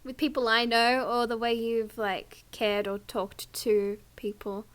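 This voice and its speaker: A woman's voice: fairly high pitch, fairly even intonation, unhurried, fairly bright tone. A woman cohosting a podcast, chatting in a hesitant, rambling way. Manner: hesitant, rambling, with many fillers and restarts. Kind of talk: casual podcast chat.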